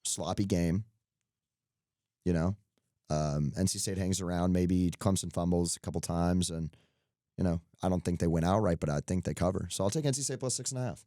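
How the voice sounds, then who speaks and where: Deep-voiced young man riffing on picks. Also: moderate pace, mellow, no echo, clean studio sound. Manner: joking, rambling, laughs at himself. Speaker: podcast co-host. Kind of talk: casual sports betting chat.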